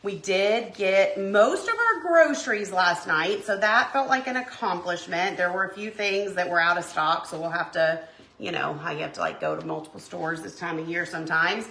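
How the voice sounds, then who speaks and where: Middle-aged woman, bright and scattered, craft-stream host; recorded in an echoey room. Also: lowish voice, very animated, normal speed. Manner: chatty, scattered, talks to viewers by name. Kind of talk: casual crafting livestream chat. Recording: echoey room, faint background noise.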